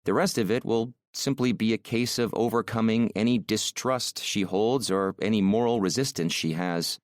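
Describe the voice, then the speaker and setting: A man narrating a romance audiobook in the first person, measured and intimate, on a close mic. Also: fairly low pitch, dry recording.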